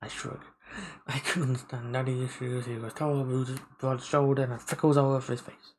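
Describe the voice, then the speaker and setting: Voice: medium pitch, flat delivery, a little fast, a little hiss or hum, low-quality recording. A streamer on a live game play-through, reading the story text aloud and stopping to comment, often stumbling over and restarting words.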